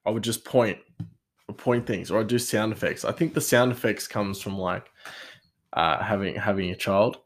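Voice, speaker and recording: Low-voiced rambling Australian man. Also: moderate pace. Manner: rambling, dry and sarcastic, many fillers. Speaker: kitchen worker. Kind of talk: casual storytelling chat.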